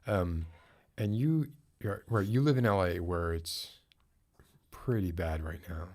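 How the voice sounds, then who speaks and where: A man with a very low voice talks loosely as a show host. He rambles through his thoughts with plenty of fillers and restarts. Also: slow, a little mellow. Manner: rambling, chatty, many fillers. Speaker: podcast host. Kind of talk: casual chat.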